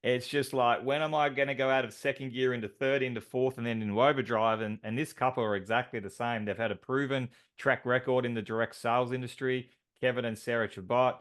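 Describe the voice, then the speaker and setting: A man's voice: medium pitch, steady tone, a little fast, few pauses, a bit bright. A man co-hosting a team call, announcing award winners with enthusiastic, filler-heavy talk.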